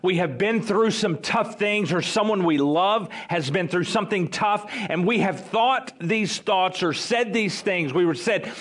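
A man preaching a sermon, slow and emphatic, with dramatic pauses. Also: sits high, a bit bright.

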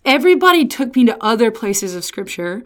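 Fairly high-pitched and sing-song, a woman preaches at a brisk clip. She reads from scripture and then recounts something from her student years in a chatty, folksy manner, starting over frequently and speaking to her listeners as y'all.

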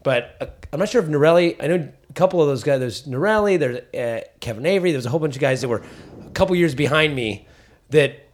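A man's voice: on the high side, expressive, fast. A man, a comedian, chatting casually about touring, rambling with restarts and trailing off. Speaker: comedian guest. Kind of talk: casual chat.

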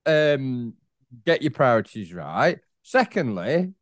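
On a casual football podcast, a male co-host speaks slowly in a fairly high, very animated voice. He stumbles over his words, repeats himself, and breaks into bouts of teasing. The studio sound is clean with no echo.

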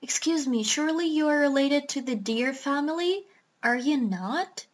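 A woman voicing a kind, absent-minded male doctor in a storybook reading, speaking slowly in a gentle murmur. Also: high-pitched, lively intonation. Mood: mild.

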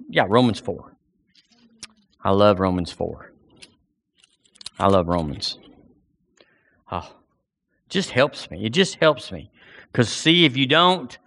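Man, preaching, emphatic, lively swooping pitch, bright edge. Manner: impassioned, emphatic, rising to near-shouts. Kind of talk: sermon.

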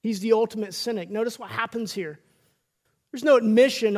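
A man's voice: sits high, brisk. A middle-aged man preaching a sermon as pastor, emphatic, with stammered restarts and quoted voices acted out.

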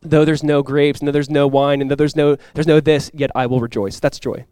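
A young male pastor preaches quickly in a slightly high voice. He speaks casually with lots of "like," dropping to quiet, earnest lows and rising to loud, excited highs. The sound is dry and close to the mic. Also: smooth, dry recording. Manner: casual and conversational, with many "like" fillers. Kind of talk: sermon.

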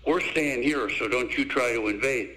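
A mid-range male voice at normal speed belongs to an older former basketball coach telling stories in an interview. He animates each tale by imitating the voices of those he quotes, though the recording is rough.

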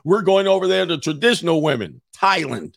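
A man with a fairly high, gravelly voice hosts a casual reaction commentary. He jokes and exclaims as he works through a list. The sound is close and dry. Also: animated, fairly quick, dry recording. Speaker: commentary show host.

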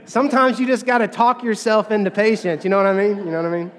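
High-voiced pastor guy preaching, chatty and loose, lots of "okay?", long echo of a big church hall. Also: fairly even intonation, fast talker, fairly bright tone. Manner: conversational, with frequent "okay?" and fillers. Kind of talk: sermon.

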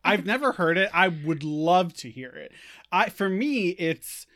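A young man co-hosts a podcast in a relaxed back-and-forth chat. His pitch rises and falls a lot as he jokes, and he breaks into quick laughs. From Long Island, New York. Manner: chatty and joking, quick laughs. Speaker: podcast co-host. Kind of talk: casual chat.

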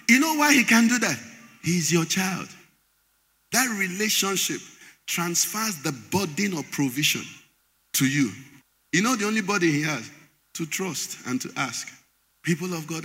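A man's voice: high-pitched, expressive, normal speed, bright, forceful tone. A man preaching a sermon, quizzing the congregation so they fill in his words. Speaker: pastor. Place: large church hall. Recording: echoey church hall.

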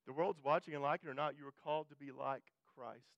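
A man's voice: a little high, steady tone, fast talker, dry recording, muffled recording. A male pastor preaching a sermon in a conversational way, often restarting and repeating phrases and pushing his voice up for emphasis.

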